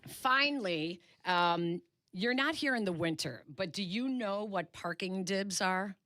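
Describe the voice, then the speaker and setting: A woman from Chicago hosting a radio show, briskly running a playful quiz for her guest. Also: medium pitch, lively intonation, bright, forceful tone. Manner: brisk, teasing quizmaster. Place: radio studio. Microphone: studio microphone.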